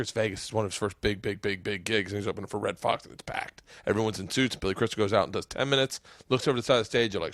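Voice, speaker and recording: A man hosting a podcast, telling comedy stories in animated casual chat, swearing and acting out voices and band sounds. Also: on the low side, racing, dry recording, studio quality. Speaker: podcast host.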